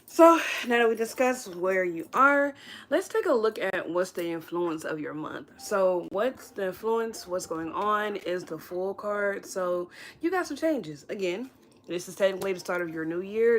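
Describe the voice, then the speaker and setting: A woman giving a casual, reassuring tarot reading on a livestream, chatty, with many "right?" tag questions. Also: medium pitch. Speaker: tarot reader.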